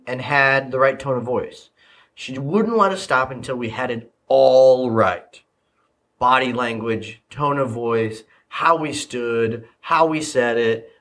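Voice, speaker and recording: A man's voice: medium pitch, fairly bright tone. Casual storytelling podcast host, man. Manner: storytelling, repeats phrases, frequent fillers. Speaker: podcast host, leadership coach. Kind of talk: casual solo podcast talk.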